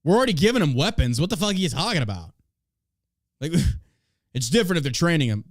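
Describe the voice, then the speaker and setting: A man's voice: on the high side, sing-song, quick pace, no echo. Guy on a podcast, swearing a lot, dry close mic. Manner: blunt and profane, reading news aloud and ranting. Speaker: podcast host. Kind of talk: casual podcast commentary.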